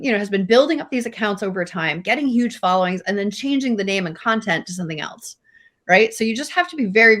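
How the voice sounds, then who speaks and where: A woman's voice: medium pitch, fairly bright tone. A woman co-hosting a talk show, earnest and emphatic, repeating words for stress. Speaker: podcast co-host. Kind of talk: casual discussion.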